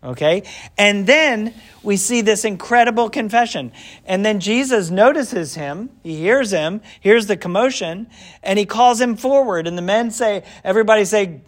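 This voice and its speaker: Leading an informal Bible class, a man tells the story animatedly, acting out parts of it and answering his own questions to the students. His voice is high-pitched, at normal speed.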